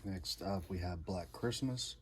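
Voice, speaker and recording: A man's voice: deep voice, a little slow. A man casually showing off his record collection in short, laid-back, repetitive comments. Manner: laid-back, repetitive, enthusiastic one-liners. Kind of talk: casual show-and-tell. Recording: noticeable background noise.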